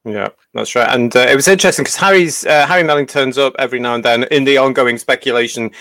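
A man's voice: mid-range voice, fast talker, a bit bright, dry recording. A man co-hosting a livestream panel chat, chatty with theatrical asides. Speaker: podcast co-host.

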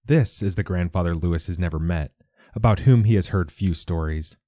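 A man reading a story aloud in measured, even audiobook narration. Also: deep voice, no echo, studio quality.

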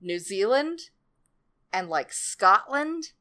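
A woman's voice: medium pitch, sing-song, slow pace, bright, forceful tone. A young woman chatting casually as a podcast co-host, playful and enthusiastic. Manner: playful, enthusiastic, trails off into laughs. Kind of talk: casual chat.

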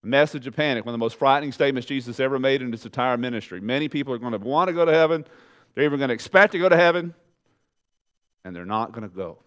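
Moving at a quick pace, this pastor delivers a lively, conversational sermon aimed straight at his congregation. When he wants to stress something, he brings his voice down low and soft.

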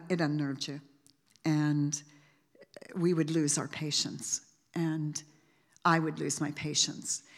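A woman gives a heartfelt memorial tribute in a lowish voice. She talks in a halting, rambling way, with many restarts and fillers. The sound carries the long reverb of a large hall. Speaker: family member giving a eulogy.

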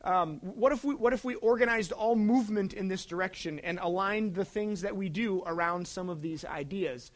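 A man in his thirties preaching a sermon as pastor, in a conversational way that swings from loud emphasis to hushed asides. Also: high-pitched, normal speed, hardly any pauses.

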